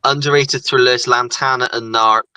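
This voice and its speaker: Bright-toned man in casual stream chat. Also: mid-range voice, moderate pace, clean tone, no room sound, poor audio. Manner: animated storytelling with laughs. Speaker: livestream co-host.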